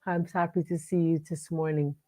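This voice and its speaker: Low-pitched and mellow, this woman talks at a normal speed in a level tone. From her computer in a home studio she hosts a live online talk show, chatting casually, calling out viewers by name, and filling her speech with fillers and restarts.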